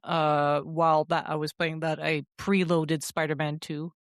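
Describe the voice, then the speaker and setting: A woman with a fairly low voice is co-hosting a casual podcast. She tells stories in a chatty, animated way, full of ums and asides. Her voice is close and dry, with no room sound. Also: measured pace, no room sound. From French Canada. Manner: chatty and animated, with many fillers. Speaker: podcast co-host.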